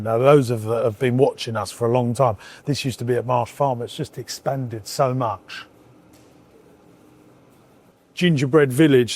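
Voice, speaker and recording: A man's voice: mid-range voice, a little mellow, dry recording. A man, an entrepreneur chatting to viewers as he walks around his farm and warehouses, enthusiastic and casual. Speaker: entrepreneur vlogger. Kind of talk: walk-and-talk vlog.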